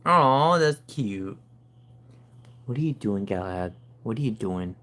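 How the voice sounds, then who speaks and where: Woman streamer at home, slow easygoing talk, coos n calls out to her cat all excited. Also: very deep voice. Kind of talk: casual live-stream chat.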